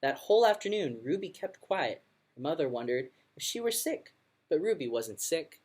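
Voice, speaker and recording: Woman reading a storybook aloud, very expressive. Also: sits low, moderate pace, breathy edge. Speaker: music teacher. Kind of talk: reading a picture book aloud.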